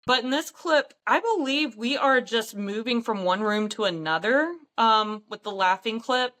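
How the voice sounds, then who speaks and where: A woman's voice: on the high side, a little slow, a bit bright. A woman, a paranormal investigator, telling stories in a casual chat with frequent ums and light laughs.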